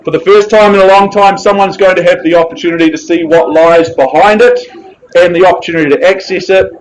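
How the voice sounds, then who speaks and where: A man's voice: sits high, steady tone, quick pace, low-quality recording. A man with a New Zealand accent calling a live property auction with jovial, persuasive patter.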